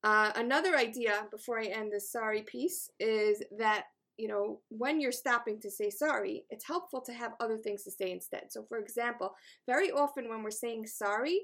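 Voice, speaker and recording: A woman's voice: on the high side, normal speed, few pauses, a bit bright. A middle-aged woman teaching a class in an earnest, encouraging way, with touches of self-deprecating humor. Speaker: class instructor.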